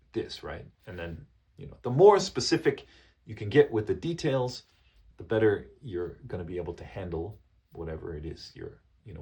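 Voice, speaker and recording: A man coaching business English, explaining phrases patiently and repeating each example slowly with frequent checks like "okay?". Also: lowish voice, a little mellow. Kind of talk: business English lesson to camera.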